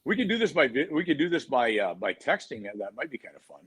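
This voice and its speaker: A man's voice: mid-range voice, big pitch swings, quick pace, fairly bright tone, slightly rough. A man hosting a live online talk show from a hotel room, upbeat and joking. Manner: upbeat, joking, talks over tech trouble. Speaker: host. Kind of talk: live video show chat.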